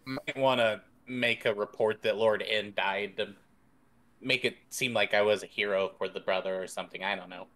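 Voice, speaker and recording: A man playing a tabletop game, talking in a low-key, casual way. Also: fairly even intonation, moderate pace, a bit bright. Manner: laid-back, low-key. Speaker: player. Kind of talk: casual in-character play.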